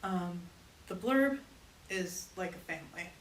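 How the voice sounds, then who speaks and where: A young woman and show regular talking in a casual group chat, soft and halting. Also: lowish voice, animated, echoey room, slight background noise, rough recording. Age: young adult.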